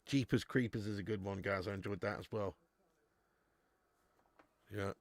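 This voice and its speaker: Gravelly-voiced English man hosting a watch-along. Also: fairly low pitch, steady tone, moderate pace, dry recording. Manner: casual banter reading chat comments; laughs often, calls people mate. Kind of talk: live football watch-along chat.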